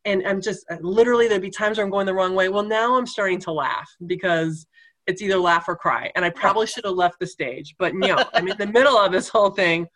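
A woman tells a story in an easygoing back-and-forth, breaking into laughter again and again. Her voice sits at a middle pitch for a woman, neither high nor low. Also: fast talker. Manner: animated, laughing often while telling the story. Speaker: guest telling a story. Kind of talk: casual anecdote in conversation.

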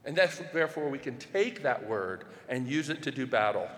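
A man preaching a sermon, lively and rhetorical, asking questions and pushing his voice up into shouts to drive points home. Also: medium pitch, moderate pace, big-room sound. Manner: animated, rhetorical questions, rising to shouts for emphasis. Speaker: pastor.

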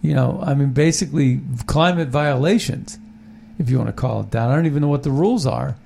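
A man's voice: medium pitch, a little fast, gravelly, dark tone. A man hosting a talk show, chatting casually and opinionatedly about politics, rambling with many restarts. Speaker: podcast host.

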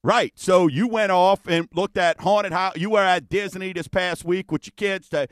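A man's voice: high-pitched, fairly even intonation, moderate pace, dry recording. A middle-aged man hosting a mortgage talk show, chatting casually and rambling with many fillers. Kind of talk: casual radio-style chat.

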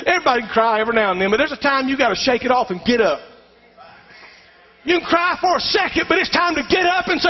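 Preaching a sermon with emphatic fervor, a middle-aged pastor urges his congregation to call back to him. He sounds very high-pitched for a man, animated and slightly fast. The muffled, dull recording carries the church sanctuary's long hall reverb.

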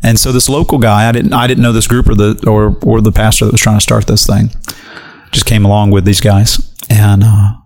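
A man's voice: on the low side, a little fast. A man, a guest on a radio program, telling a personal story and acting out what people said. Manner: animated storyteller, acts out quotes. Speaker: guest evangelist. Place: radio studio.

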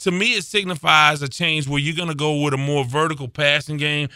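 Bright, crisp sports talk host. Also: male voice, a little high, steady tone, a little fast, dry recording, studio quality. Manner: thinks aloud with many uhs, opinionated. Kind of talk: casual sports chat.

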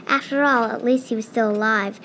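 Woman reading a kids story, stumbles now and then, bit high voice. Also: steady tone, sharp tone, a little hiss or hum, low-quality recording. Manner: slightly halting, with small slips. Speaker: reader. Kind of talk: reading a children's story aloud.

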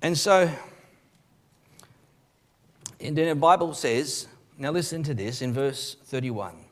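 Animated preacher, fairly high voice. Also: male voice, moderate pace. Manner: animated, emphatic preaching with frequent restarts. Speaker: pastor. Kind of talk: live sermon. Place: church service.

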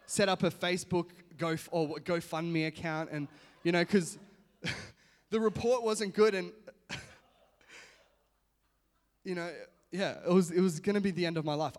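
A man's voice: sits high, fairly bright tone. A man giving a casual sermon, chatty and self-mocking, laughing often as he tells a personal story. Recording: long reverb of a hall.

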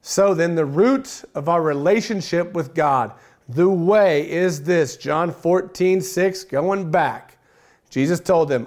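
A man with a fairly high voice preaches a sermon. He reads scripture aloud and drives each point home by repeating phrases. Relaxed, folksy asides break up the teaching. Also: takes it slowly.

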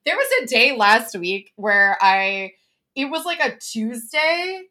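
Young woman, podcast co-host, very lively pitch, laughs and swears, casual chat. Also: slow. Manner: animated, laughing storyteller who swears.

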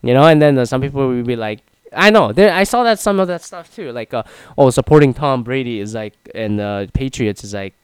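Rambling young man, smooth dry voice. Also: mid-range voice, expressive, brisk, no echo, rough recording. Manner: rambling, filler-heavy, opinionated. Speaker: sports commentator. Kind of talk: casual monologue.

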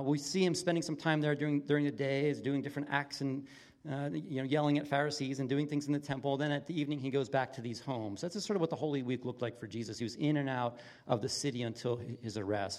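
A man preaching a conversational sermon in an earnest, plain-spoken way, his voice dropping from lively emphasis to hushed, intimate tones. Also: medium pitch, fast talker. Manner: earnest, swings from loud excitement to near-whisper intimacy. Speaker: pastor.

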